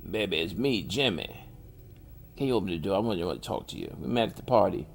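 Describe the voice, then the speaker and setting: A man voicing an obsessed, smooth-talking lunatic with pushy, wheedling come-ons. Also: deep voice, animated, fast, a little hiss or hum. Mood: pleading.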